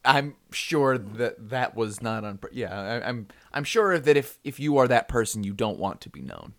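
A man co-hosting a casual comedy podcast, reading out a news story with halting restarts, asides and laughs. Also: mid-range voice, very animated. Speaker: podcast co-host.

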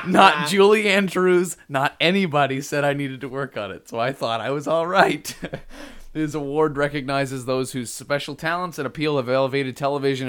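A man's voice: mid-range voice, fairly bright tone, clean tone. Jokey man reading news with laughs. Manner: jokey, laughs often, reads quotes aloud. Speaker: podcast co-host. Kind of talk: casual chat, reading news items.

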